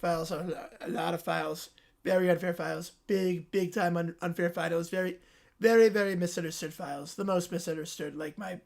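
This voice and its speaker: A man impersonating a boastful older male politician with slow, repetitive bragging and drawn-out superlatives. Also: a little high, gravelly, pitched below the performer's own voice.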